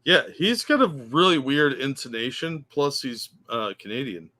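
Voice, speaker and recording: Bright-voiced chatty podcast co-host man. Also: medium pitch, expressive, normal speed. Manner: chatty, explanatory, joking. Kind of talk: casual podcast banter.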